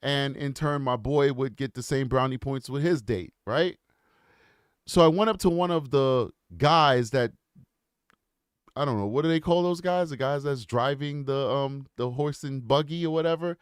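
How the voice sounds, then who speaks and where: A man's voice: mid-range voice, moderate pace, clear, resonant tone, dry recording, studio quality. A man hosting his own channel, telling a personal story and commenting in an earnest, reflective way that builds to impassioned rhetorical questions. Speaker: channel host.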